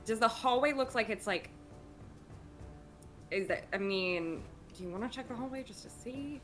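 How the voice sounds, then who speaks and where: A woman's voice: on the high side, moderate pace, faint music behind. A woman chatting casually as a player at a tabletop game, playful in tone.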